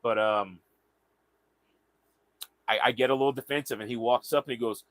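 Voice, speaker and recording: A man's voice: medium pitch, steady tone, a bit bright, no echo. Rambling man, dry sound. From Southern United States. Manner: rambling, halting with repeated words. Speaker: vlogger. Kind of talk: casual storytelling.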